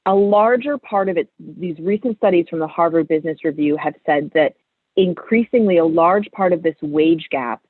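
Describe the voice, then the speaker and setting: A woman's voice: lowish voice, moderate pace, no room sound. Candid woman guest over a tinny line. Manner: candid, animated storytelling. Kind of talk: casual interview chat. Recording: tinny phone-like line, dry.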